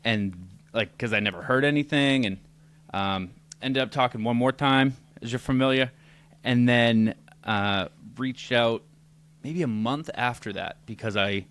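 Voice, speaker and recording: A man's voice: medium pitch, a little slow, fairly bright tone, clear, resonant tone. A man guesting on a podcast, telling his story in a loose, chatty way with lots of fillers. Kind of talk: casual interview chat.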